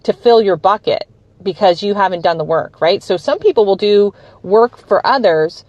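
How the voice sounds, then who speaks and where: A woman's voice: mid-range voice, moderate pace, darkish tone, no room sound, highs cut off. A woman podcast host talking enthusiastically in a casual conversation, laughing often. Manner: enthusiastic, laughs often, acts out quoted voices.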